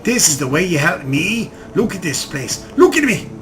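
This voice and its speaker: A man's voice: high voice, slow pace, vocal fry, over music, pitched above the performer's own voice, exaggerated voice. A man voicing a strung-out young male addict who slurs and rants while reading game dialogue aloud. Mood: despairing. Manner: slurred, ranting.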